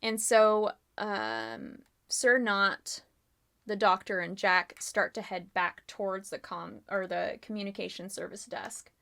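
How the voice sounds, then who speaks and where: A woman's voice: mid-range voice, lively intonation, slow, vocal fry, a bit bright. A woman running a live-streamed murder mystery game as game master, casual and giggly with lots of fillers.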